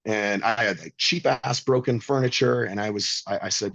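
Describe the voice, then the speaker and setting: A man's voice: on the low side, fast talker, hardly any pauses, breathy edge, dry recording, dull audio. Blunt, profane man in his fifties. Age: 50s. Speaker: guest. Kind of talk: casual storytelling.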